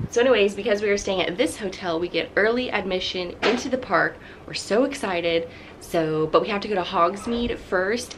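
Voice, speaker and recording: A chatty young woman hosting a casual travel vlog, excitable and quick to laugh. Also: fairly low pitch, slight background noise, low-quality recording. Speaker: vlogger. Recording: music playing under the voice.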